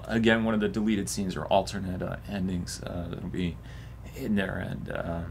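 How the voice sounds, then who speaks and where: A man's voice: sits low, normal speed, creaky, a little hiss or hum. A man in casual conversation, telling stories from a film shoot and acting out what people said. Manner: animated storytelling, acts out quotes. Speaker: filmmaker and lead actor. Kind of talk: casual behind-the-scenes chat.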